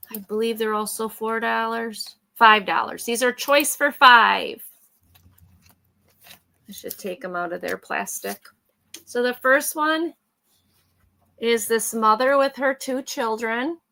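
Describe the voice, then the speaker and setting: A woman's voice: fairly high pitch, slow pace, creaky, sharp tone. A middle-aged woman hosting a live vintage photo sale, chatting casually as she describes each item. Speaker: host selling vintage photos.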